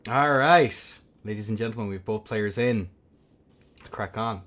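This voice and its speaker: A young man hosting a game tournament stream, rambling and swearing between bursts of excited play-by-play commentary. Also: fairly low pitch, moderate pace. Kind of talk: casual livestream game commentary.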